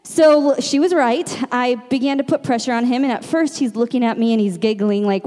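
A woman's voice: on the high side, moderate pace, warm tone. A woman in her thirties preaching a conversational sermon, telling personal stories and asking rhetorical questions. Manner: earnest, storytelling, rhetorical questions. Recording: reverberant hall.

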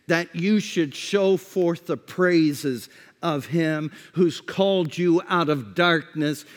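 A male pastor preaching a sermon with emphatic delivery, repeating key phrases and sinking to a quiet tone to stress a point. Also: fairly high pitch, slow pace. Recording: long reverb of a large hall.

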